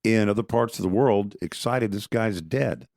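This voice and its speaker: A man's voice: fairly low pitch, moderate pace, gravelly, a little mellow, dry recording, studio quality. A man co-hosting a podcast, talking politics casually and with strong opinions, often restarting his sentences. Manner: conversational, opinionated, frequent restarts. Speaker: podcast co-host.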